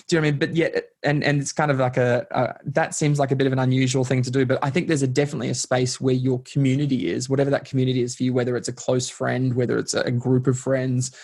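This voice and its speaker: A man's voice: medium pitch, gravelly, darkish tone. Earnest reflective man. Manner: reflective, earnest, lots of "like" and "kind of". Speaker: podcast guest. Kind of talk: casual conversation.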